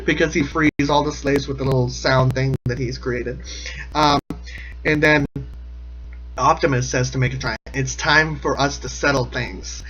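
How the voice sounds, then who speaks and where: A man's voice: mid-range voice, steady tone, unhurried, a bit bright, muffled recording, faint music behind. A man giving a casual, rambling comedic recap of a cartoon episode, sarcastic and often laughing. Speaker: episode commentator.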